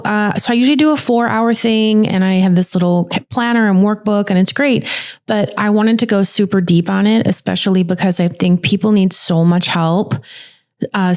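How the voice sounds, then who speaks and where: A woman co-hosting a podcast, chatting casually and explaining things at length in a lively, talkative way. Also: mid-range voice, clear, resonant tone. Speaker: podcast co-host.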